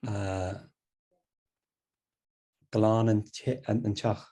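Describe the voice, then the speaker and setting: Hesitant man learner, mellow husky voice. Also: lowish voice, flat delivery, drawn-out words. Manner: hesitant, tries words out. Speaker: language learner. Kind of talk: online language lesson.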